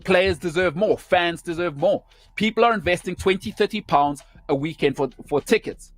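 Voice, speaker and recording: A man's voice: high voice, normal speed, no echo. Emphatic male sports host, dry studio. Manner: emphatic, punchy short phrases. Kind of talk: opinionated sports rant.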